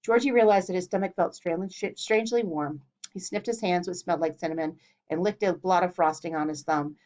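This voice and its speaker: A woman reading a children's storybook aloud in a clear, steady way. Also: fairly low pitch, a little fast. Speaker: narrator. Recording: dull lo-fi recording.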